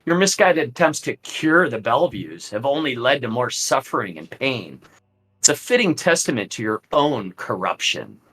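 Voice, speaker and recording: A man's voice: medium pitch, big pitch swings, normal speed, a bit bright, breathy edge, poor audio. A man voicing a scornful aristocratic male vampire lord, speaking in a cold, mocking, theatrical way.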